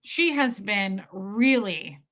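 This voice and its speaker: A woman's voice: mid-range voice, lively intonation, slow, fairly bright tone. A young adult woman hosting a livestream, chatting casually and animatedly with her viewers. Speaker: livestream host.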